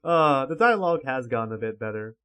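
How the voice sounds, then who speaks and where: A man reading a webcomic aloud on a livestream, commenting in an offhand, joking way. His pitch moves a lot as he talks. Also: animated, brisk, sharp tone, smooth. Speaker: livestream comic reader. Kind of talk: casual commentary.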